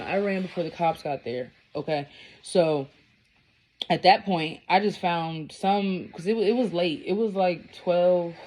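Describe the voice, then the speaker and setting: Low-voiced woman telling a story bluntly. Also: a little mellow, a little hiss or hum. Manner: blunt, profane, rambling. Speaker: vlogger. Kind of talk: casual storytelling.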